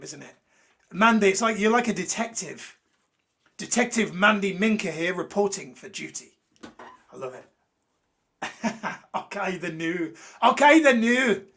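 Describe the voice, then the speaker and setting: A man's voice: high voice, gravelly, a bit bright. A man from Birmingham hosting a live motivational show, blunt and ranty, swearing freely and joking with viewers. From Birmingham, England. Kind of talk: unscripted motivational talk to a live chat.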